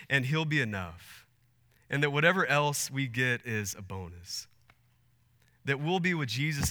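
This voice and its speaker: A man's voice: medium pitch, pushed and bright. A man in his thirties preaching a sermon as pastor, earnest and building to emphatic peaks. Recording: long hall reverb.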